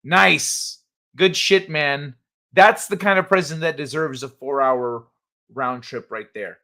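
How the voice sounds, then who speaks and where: A man's voice: fairly high pitch, slow pace, bright, forceful tone. A man hosting a livestream, chatting casually and reading viewers' messages aloud with loose, profane asides that trail off into mumbles. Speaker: livestream host.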